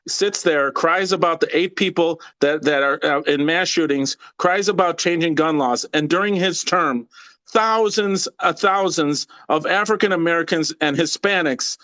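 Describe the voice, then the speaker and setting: A man's voice: on the high side, moderate pace, fairly bright tone, no echo. A man calling into a live show, arguing in an aggravated, rambling way and often restarting his sentences. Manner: aggravated, rambling, repeats himself. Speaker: caller. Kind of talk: heated call-in debate.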